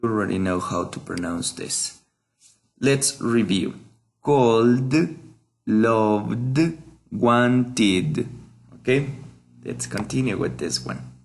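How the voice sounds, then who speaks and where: Slow, patient male teacher. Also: sits low, animated, vocal fry. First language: Spanish. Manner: slow, patient, repeats each word for pronunciation. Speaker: English teacher. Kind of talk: workbook lesson walkthrough.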